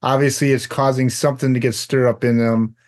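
A man co-hosting a faith podcast, talking in a relaxed, emphatic way and laughing often. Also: medium pitch, a little fast. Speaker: podcast co-host. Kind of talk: casual faith discussion.

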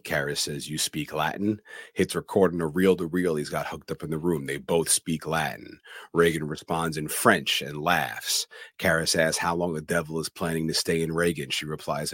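A man co-hosting a casual podcast, retelling film scenes in a plain, steady way. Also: very deep voice, husky, no echo, studio quality. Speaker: podcast co-host.

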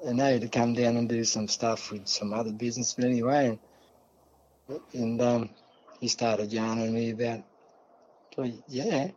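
A man's voice: medium pitch, steady tone, normal speed, long pauses, darkish tone. Australian man, chatty rambling storyteller, muffled lo-fi sound. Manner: rambling, chatty yarn-spinner, swears freely. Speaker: podcast guest. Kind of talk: casual storytelling.

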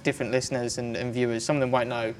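Fast-talking male interviewer. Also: medium pitch, little pitch movement, a little hiss or hum. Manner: fast, rambling questions. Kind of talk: casual interview.

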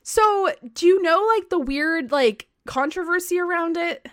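A woman co-hosting a podcast, telling history in a casual, excitable way, full of "like" and the odd swear. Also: very high voice, unhurried. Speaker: podcast co-host.

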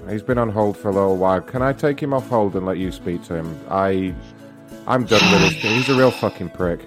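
A man's voice: on the low side, brisk, music in the background, lightly acted. A man playing a crude, sneering customer service worker in a put-on English accent. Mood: scornful.

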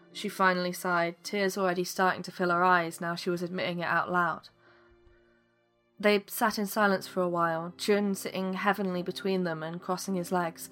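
A woman's voice: on the low side, level tone, moderate pace, a bit bright, faint music behind. A woman reading a fantasy story aloud, voicing every character in her own voice. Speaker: narrator.

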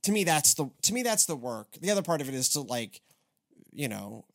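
A man hosting a church podcast in casual chat, rambling with restarts and animated asides. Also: a little high, brisk, creaky. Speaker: podcast host.

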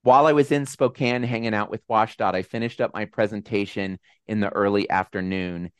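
A man hosting a video call with supporters, telling a personal story in a casual, animated, self-deprecating way. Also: on the low side, a little fast, clear, resonant tone, dry recording, clean studio sound. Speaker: host. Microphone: video call mic.

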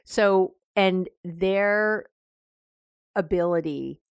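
A woman's voice: medium pitch, drawn-out words, smooth, dry recording, studio quality. A middle-aged woman hosting a parenting podcast, talking through advice in a loose, conversational way, often correcting herself and acting out what parents say. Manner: conversational, animated, self-correcting, acts out parent lines. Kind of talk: advice talk.

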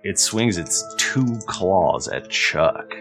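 A man narrating a tabletop game as game master, describing scenes haltingly with many fillers. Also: deep voice, expressive, music in the background.

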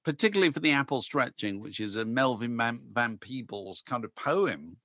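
A man's voice: medium pitch, expressive, normal speed, a bit bright, dry recording. Male podcast co-host, rambling casual record talk, dry close-mic sound. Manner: rambling, restarts, many asides. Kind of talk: casual chat about records.

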